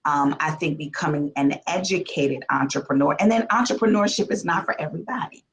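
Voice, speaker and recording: A woman on a panel giving advice slowly and emphatically in short phrases. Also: low voice, creaky, poor audio.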